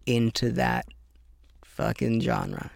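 A man's voice: mid-range voice, huge pitch swings, slow, vocal fry, a little hiss or hum. A man hosting a podcast, chatting casually and effusively, swearing often. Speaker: podcast host. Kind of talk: casual interview chat.

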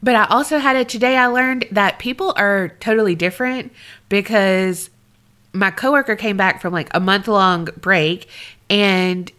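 A woman's voice: medium pitch, moderate pace, a bit bright. A woman co-hosting a podcast, bubbly and blunt, laughing often. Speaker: podcast co-host. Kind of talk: casual chat.

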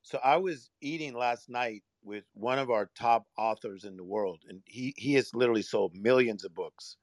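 A man's voice: medium pitch, moderate pace, no room sound, clean studio sound. A man chatting in an online audio room, enthusiastic and full of praise for the others.

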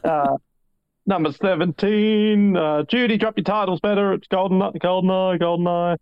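A man's voice: fairly high pitch, unhurried, smooth, no room sound, dull audio. A man co-hosting a casual podcast chat, teasing his co-host in a wry tone.

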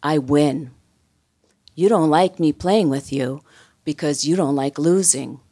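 A woman voicing an agitated, belligerent elderly man who yells and threatens at a card table. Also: sits low, slow pace, breathy edge, heavily acted. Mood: menacing. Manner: yelling, indignant, threatening. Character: agitated old male poker player, belligerent.

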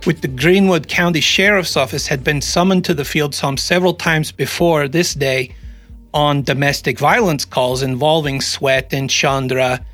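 A man's voice: a little high, moderate pace, a bit bright, faint music behind. A man hosting a casual true-crime podcast, joking and rambling, often restarting sentences. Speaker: podcast host.

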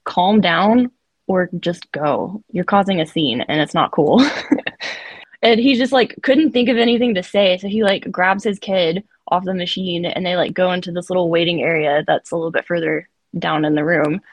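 A woman's voice: fairly low pitch, normal speed, no room sound. Chatty woman telling a story, dry mic. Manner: chatty, says "like" often. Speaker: podcast co-host. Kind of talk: casual storytelling.

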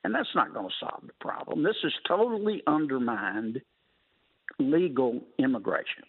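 A man's voice: mid-range voice, sing-song, moderate pace, a little hiss or hum. A man, a senator guesting on a talk radio show, talking in a folksy, wry way with colorful sayings. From Louisiana. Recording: phone-line call-in.

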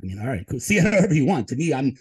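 A man in an interview, a tech advisor telling emphatic, animated stories. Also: mid-range voice, racing, husky, low-quality recording. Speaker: guest, tech advisor and Israel advocate. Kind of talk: storytelling interview talk.

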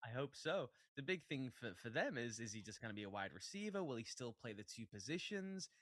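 Man, podcast co-host, quick analytical talk, dry close mic. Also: mid-range voice, very animated, dry recording. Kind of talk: casual chat.

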